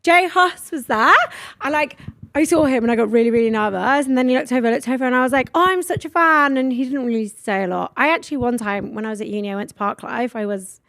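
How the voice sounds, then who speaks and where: A young woman, hosting a podcast and telling stories in an animated, sweary way. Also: a little high, fast talker, vocal fry, no echo, studio quality. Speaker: podcast host. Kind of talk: casual chat.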